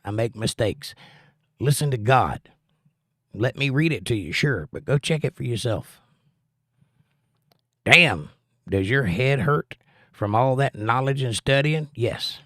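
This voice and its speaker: A man's voice: mid-range voice, expressive, a little slow, pauses often, bright, forceful tone, dry recording, clean studio sound. A middle-aged American man with a plainspoken, earnest manner, chatting with his stream audience and teaching about the Bible. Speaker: livestream host and Bible teacher. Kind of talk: casual chat and Bible teaching.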